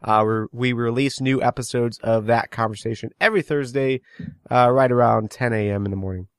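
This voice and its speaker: A man's voice: medium pitch, fairly even intonation, brisk, clean tone, no echo, studio quality. A man hosting a casual podcast chat, steering the talk and asking pointed questions. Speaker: podcast host.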